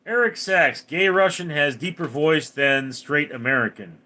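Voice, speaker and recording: A young man hosting a casual livestream, joking and reacting quickly as he reads out chat messages. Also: fairly high pitch, bright, forceful tone.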